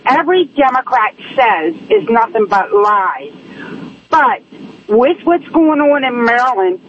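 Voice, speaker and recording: A woman calling in to a radio show, complaining in a slow, deliberate way. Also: on the high side. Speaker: caller. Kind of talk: call-in opinion. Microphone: telephone. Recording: muffled phone line with faint hiss.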